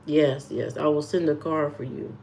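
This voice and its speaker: A woman voicing a suave, posh male businessman who speaks in a smooth, assured, unhurried way. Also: deep voice, steady tone, mellow, voice pushed down.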